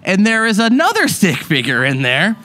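A man co-hosting a live paranormal show, telling a story in a lively way, laughing and checking in with the crowd. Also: high-pitched, normal speed, heavy background noise. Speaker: paranormal investigator podcast co-host.

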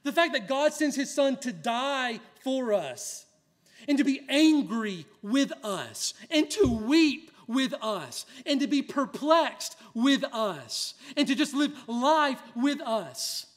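A male pastor preaching a sermon in an earnest way, dropping to a hush and then rising to loud emphasis. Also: very high voice.

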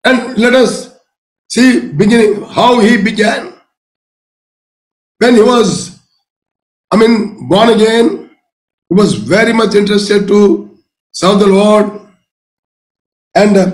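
Older male preacher, Indian English accent, seventies; slow, emphatic sermon delivery with a high voice. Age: 70s. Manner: slow, emphatic preaching with sudden loud outbursts. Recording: echoey room.

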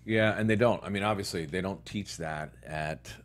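A guest actor from New York and Connecticut tells stories in a casual interview chat. He's a relaxed storyteller with a low voice and moderate pace, quoting other people in his own voice.

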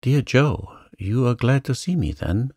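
A man's voice: medium pitch, lively intonation, a little slow, darkish tone, husky, no echo, clean studio sound, pitched above the performer's own voice. A man voicing a mischievous, charming young man in a storybook reading, playful and coaxing.

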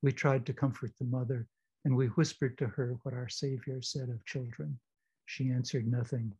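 Hesitant professor over a dull video call. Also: male voice, mid-range voice, mellow, husky. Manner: hesitant, many fillers, measured reading. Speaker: discussion leader, professor. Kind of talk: literature lecture with read-aloud passages.

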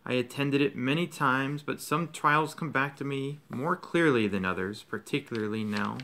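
A man reading aloud, voicing a calm, wise old male headmaster in a soft, slow, measured way. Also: mid-range voice. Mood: grave.

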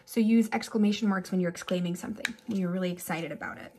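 A woman teacher giving a relaxed, chatty remote lesson to children, with animated examples and little asides. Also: fairly low pitch, quick pace, slight background noise.

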